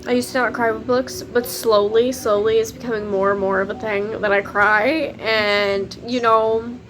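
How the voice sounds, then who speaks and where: A woman's voice: fairly high pitch, steady tone, moderate pace, noisy background. A young woman, chatting casually to camera about books, swearing freely and laughing often. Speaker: book vlogger.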